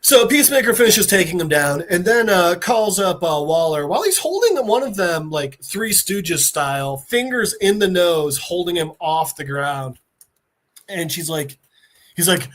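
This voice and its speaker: A man's voice: high-pitched, big pitch swings, moderate pace, fairly bright tone. A man hosting a casual podcast, recapping a TV episode with swearing, laughs and put-on character voices. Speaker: podcast host.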